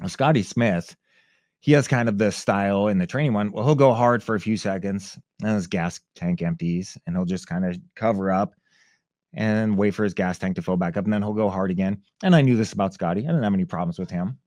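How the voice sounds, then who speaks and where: A former fighter appears as a podcast guest, telling a story animatedly and acting out the voices of the people in it, shouts included. His voice is on the low side and a little fast, recorded dry with clean studio sound.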